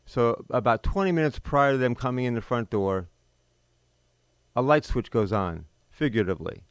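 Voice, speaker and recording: A middle-aged man speaks in a plain, mid-pitched voice, recorded close and dry with no room sound. He tells his own story bluntly and with open bitterness. He pauses suddenly for emphasis. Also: animated, smooth, no echo. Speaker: podcast host. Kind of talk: personal storytelling monologue.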